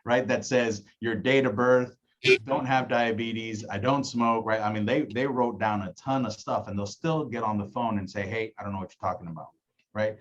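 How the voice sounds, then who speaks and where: A man's voice: mid-range voice, steady tone, normal speed. A man coaches his team in a casual meeting and acts out phone calls as he goes. His voice sits mid-range and he keeps asking "right?" to check his listeners are with him. The audio is a little muffled and lo-fi. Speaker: insurance agency director. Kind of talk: casual training talk.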